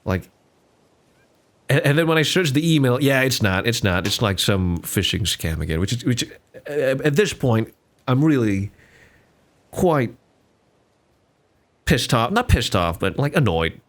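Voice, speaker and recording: Lively rambling young man. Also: mid-range voice, measured pace, long pauses. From Singapore. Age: 20s. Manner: rambling, frequent fillers and restarts, laughs often. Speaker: podcast host. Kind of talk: casual solo podcast chat.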